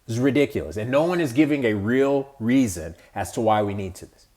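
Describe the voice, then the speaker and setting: A man's voice: mid-range voice, lively intonation, brisk, darkish tone. A man hosting a podcast, ranting about politics in a heated, exasperated way with casual slang and swearing. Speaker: podcast host. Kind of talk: solo political rant.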